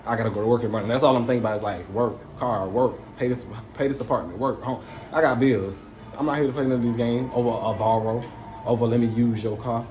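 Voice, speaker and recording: A young man in the middle of a storytime, talking straight to his viewers in loose, slangy speech full of curses. His voice sits at an ordinary middle pitch. Behind him there is a faint background hum. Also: fast talker. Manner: animated, swears freely, slangy street talk. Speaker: vlogger telling a story. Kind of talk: casual storytime.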